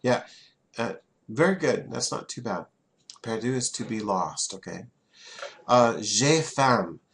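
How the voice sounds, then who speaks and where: A man's voice: medium pitch, animated, slow pace, vocal fry, a bit bright. A man, teaching a French class in a classroom and having students repeat words back.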